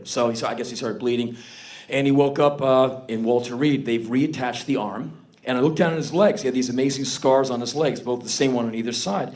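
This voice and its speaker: A man in his fifties doing a comic spoken word monologue on stage, animated and given to sudden loud outbursts. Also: mid-range voice, moderate pace. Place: stage before an audience.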